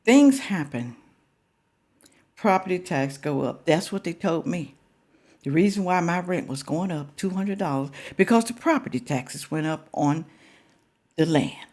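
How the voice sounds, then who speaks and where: A woman's voice: lowish voice, animated, unhurried, a little mellow. An older woman talking casually to her viewers, emphatic and full of rhetorical questions. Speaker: reaction vlogger.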